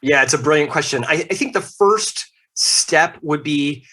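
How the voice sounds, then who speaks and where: A middle-aged man speaking as a podcast guest, animated and emphatic, with jokey asides. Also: on the high side, normal speed. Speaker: podcast guest, leadership consultant. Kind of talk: casual interview talk.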